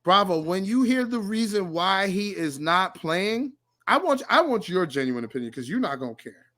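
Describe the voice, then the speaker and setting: High, bright-voiced excitable young man. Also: moderate pace. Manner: excitable, jumps to a high squeal for emphasis. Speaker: podcast host. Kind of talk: casual basketball podcast chat.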